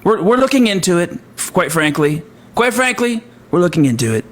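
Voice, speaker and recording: A man's voice: sits high, big pitch swings, fairly quick, voice pushed up. A man doing an impression of a boastful male politician, bragging with repetitive superlatives.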